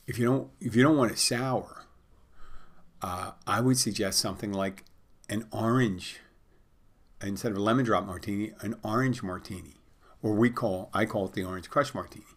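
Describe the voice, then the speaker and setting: Rambling middle-aged man, low voice. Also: moderate pace. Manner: rambling, conversational, with many restarts. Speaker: podcast host. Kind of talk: casual storytelling monologue.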